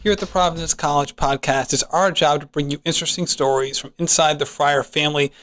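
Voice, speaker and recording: A man's voice: a little high, fairly even intonation, fairly quick, a bit bright, faint music behind. Friendly male college podcast host. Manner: friendly, conversational, with fillers and restarts. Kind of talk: podcast interview.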